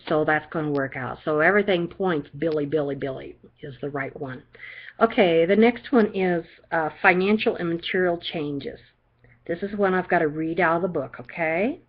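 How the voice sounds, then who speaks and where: An older woman talks through a card reading in a low, homey voice. She reassures the listener and keeps checking in with "okay?". The recording sounds dull and lo-fi. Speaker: psychic reader.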